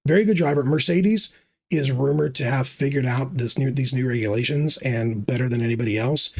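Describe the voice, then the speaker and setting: A man's voice: mid-range voice, a little fast. A man rambling through casual commentary, sarcastic and teasing, full of fillers and restarts. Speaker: fantasy sports video host.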